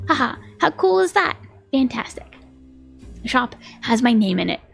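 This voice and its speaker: A chirpy video game shopkeeper, thrilled by every visitor and proud of his own store, voiced by a woman streamer. The voice is high and carries a gravelly creak. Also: very animated, normal speed, fairly bright tone, soft background music, heavily acted. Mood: excited. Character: cheerful male shopkeeper in a game.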